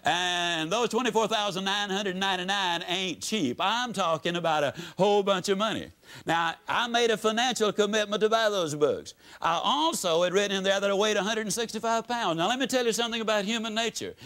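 This is a fairly quick-paced motivational talk by a U.S. man in front of a live audience. His folksy, dramatic speaking style ranges broadly in pitch and loudness.

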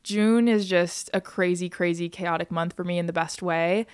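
A young American woman hosting a podcast, chatting casually and bubbly, speeding up in quick bursts with frequent laughs. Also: fairly low pitch, fairly even intonation, clean tone, dry recording, studio quality. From United States. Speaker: podcast host.

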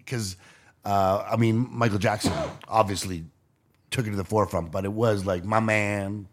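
A man with a very low voice talks loosely on a podcast. He stops and restarts his sentences often as he thinks aloud, in an easygoing, unscripted way. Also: steady tone. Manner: rambling, halting restarts. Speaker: podcast co-host. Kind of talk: casual chat.

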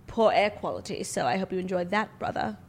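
A haughty heir, as a woman acts him out. He teases in an even, mid-height voice. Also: medium pitch, brisk, a little hiss or hum, natural voice. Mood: mock-haughty. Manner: teasing, mock-haughty. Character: British prince, elder brother, haughty heir.

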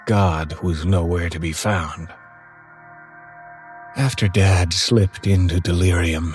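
A man narrating a horror story in a measured, somber way from a script. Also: sits low, darkish tone.

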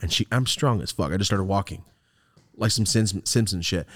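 A man's voice: lowish voice, fast talker, dry recording, studio quality. A man hosting a podcast, telling a story casually, acting out quotes, swearing and laughing often. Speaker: podcast host.

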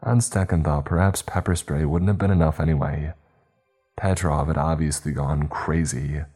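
A man reading a horror story aloud in steady, measured, scripted narration. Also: rumbling low, slightly rough, soft background music.

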